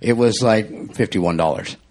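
A young adult man co-hosting a casual podcast chat, telling stories in a rambling, animated way with lots of restarts. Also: lowish voice, measured pace. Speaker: podcast co-host.

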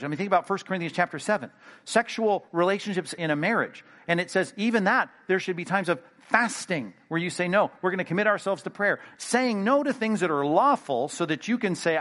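Here a preacher gives a sermon that feels chatty and energetic, voicing brief internal conversations. Now and then he lowers his voice for quiet asides.

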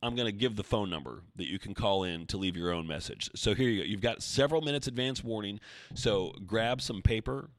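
A man hosting his own podcast as a coach, talking casually and thinking out loud, with self-deprecating asides. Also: on the low side, brisk, dry recording, studio quality. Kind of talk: casual solo podcast talk. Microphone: desk mic, seated.

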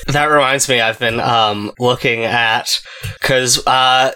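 A man's voice: mid-range voice, steady tone, takes it slowly, sharp tone, clear, resonant tone. A man co-hosting a podcast, talking in a casual, rambling way with many fillers. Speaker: podcast co-host. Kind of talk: casual chat.

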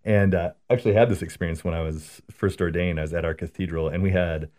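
A man's voice: deep voice, steady tone, quick pace, a little mellow. A man, a priest, teaching about prayer in a conversation, earnest and story-driven, often adding "right?".

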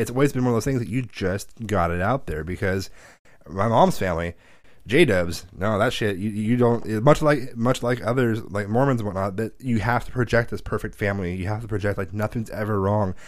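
A man's voice: fairly low pitch, brisk, no echo, studio quality. A man in his thirties in a casual chat, telling family stories with lots of swearing and acted-out quotes. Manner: profane, animated storyteller who acts out quotes.

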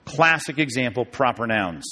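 A man's voice: medium pitch, lively intonation, moderate pace, sharp tone. A pastor teaching a Bible study class in a casual, conversational way, often checking in with his listeners with "okay?" and "right?". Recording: long reverb of a large hall.

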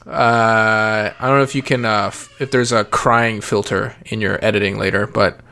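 A man's voice: lowish voice, steady tone, normal speed, creaky, pushed and bright. A man talking casually about parenting and cars, rambling with many fillers and restarts. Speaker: parent podcast guest. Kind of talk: casual chat.

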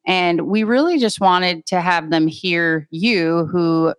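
A woman's voice: lowish voice, slow, clear, resonant tone. A woman co-hosting a podcast, introducing a guest in an upbeat, casual way and stumbling over her words now and then. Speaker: podcast co-host.

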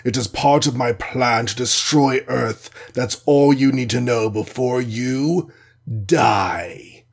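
A man voicing a cold, menacing male alien conqueror in a storybook reading, speaking slowly and gravely. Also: medium pitch, fairly even intonation. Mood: harsh. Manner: slow, grave and threatening.

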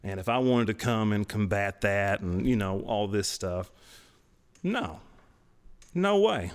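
Man in his thirties, low-pitched, casual podcast testimony, animated delivery with sudden high jumps. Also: normal speed, clear, resonant tone. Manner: animated, laughs while telling stories, voice jumps way up for emphasis. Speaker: podcast co-host.

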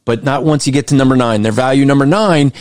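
A man giving critical Christian commentary, emphatic and argumentative, slowing down whenever he reads a quote aloud. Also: mid-range voice, a little mellow, no room sound, studio quality. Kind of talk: critical commentary on a list of values.

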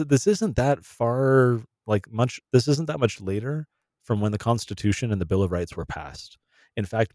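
Low-voiced man explaining history casually. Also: darkish tone, dry recording. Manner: explanatory, with frequent restarts and fillers. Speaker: podcast co-host. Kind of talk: casual educational chat.

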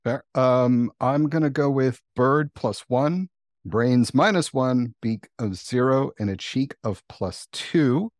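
A man at a tabletop game chats about his character and tells loose, laughing stories. His pitch sits in the middle range, and the recording is dry and close. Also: takes it slowly, no echo. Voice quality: laughs often, chatty storyteller. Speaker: player. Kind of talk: casual chat at a game table.

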